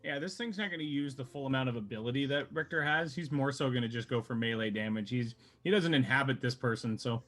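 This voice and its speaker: A man's voice: medium pitch, quick pace, hardly any pauses, a bit bright, soft background music. A man narrating a tabletop role-playing game as dungeon master, casual and laughing, with some swearing.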